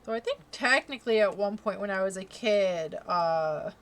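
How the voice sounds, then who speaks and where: A woman's voice: mid-range voice, animated, moderate pace, fairly bright tone. A young woman streamer chatting casually, laughing often and filling her talk with "like" and "um". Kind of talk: casual chat.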